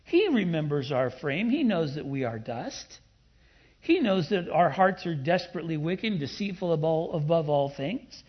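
A man preaching a sermon in an emphatic way, with playful asides and loud bursts of emphasis. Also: on the high side, dull audio. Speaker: pastor.

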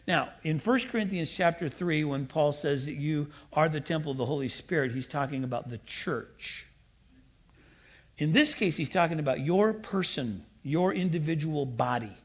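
Emphatic preacher man, husky voice. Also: on the high side, moderate pace, muffled recording. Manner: emphatic, rising to loud bursts; playful asides. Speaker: pastor. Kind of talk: sermon.

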